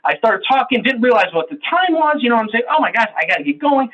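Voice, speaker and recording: A man's voice: extremely high pitch, very animated, fast talker, fairly bright tone, dull audio, pitched above the performer's own voice, heavily acted. A man voicing a chatty, easily distracted coworker who arrives late and rambles apologetically. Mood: rambling.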